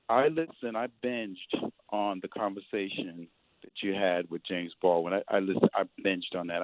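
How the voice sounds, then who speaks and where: A man's voice: sits low, no echo. A man calling in to a radio show, effusive and emotional, stopping and restarting as he thanks the guest. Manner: effusive, emotional, starts and stops. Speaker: caller. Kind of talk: call-in radio. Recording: tinny phone line.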